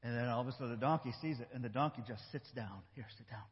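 A man acting out a Bible story with children in a church, animated and coaching his young helpers. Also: medium pitch, rapid-fire, breathy edge. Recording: echoey hall, dull lo-fi sound.

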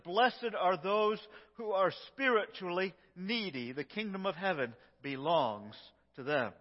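A man preaching a sermon as pastor, his delivery emphatic and swinging between loud lines and hushed ones. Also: high voice. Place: church sanctuary. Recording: lo-fi echoey church recording.

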